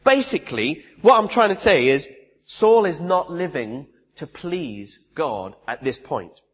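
Male preacher giving a chatty sermon in a reverberant church hall, voice on the higher side. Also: big pitch swings, measured pace, breathy edge. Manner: conversational, with restarts and asides.

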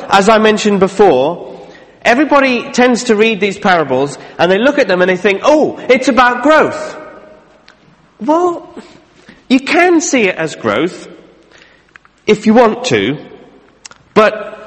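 A man's voice: high-pitched, big-room sound. A man preaching a sermon in a conversational way, with jokey asides between readings. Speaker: pastor.

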